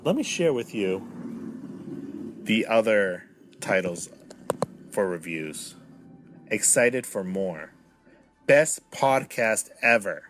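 A man's voice: lowish voice, sing-song, slow, pauses often, a bit bright, soft background music. Theatrical man in his thirties hosting. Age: 30s. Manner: mock-dramatic, swinging from self-pitying to indignant. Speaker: podcast host. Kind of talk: solo podcast monologue.

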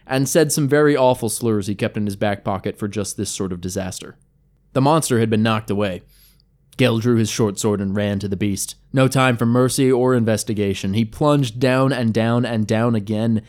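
Male storyteller, dramatic fantasy narration, wry asides, mid-pitched voice. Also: darkish tone. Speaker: storyteller narrating a game recap.

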